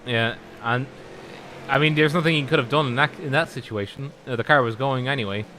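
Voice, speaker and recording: A man's voice: medium pitch, brisk, sharp tone, slight background noise, low-quality recording. A man, not an English speaker, co-commentating a sim race in a laid-back, hesitant, joking way. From Ireland.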